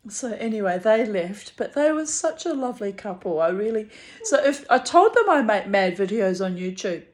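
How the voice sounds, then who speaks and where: Giggly woman telling a funny story. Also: medium pitch. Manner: giggly, animated, acts out both sides of the anecdote. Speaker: vlogger. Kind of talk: casual storytelling to camera.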